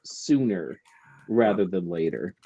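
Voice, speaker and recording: A man's voice: sits low, expressive, a little slow, vocal fry, dark tone. A man co-hosting a casual podcast, making wry, dry-humored remarks about a comedy movie. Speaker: podcast co-host. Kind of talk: casual chat. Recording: dull lo-fi dry sound.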